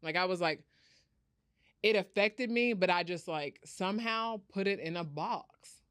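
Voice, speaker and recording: Woman telling a story on a podcast, does all the voices, smooth clear voice, dry close mic. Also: on the low side, a little slow, no echo. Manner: animated storyteller, acts out quoted voices. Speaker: podcast guest, founder. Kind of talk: candid storytelling interview.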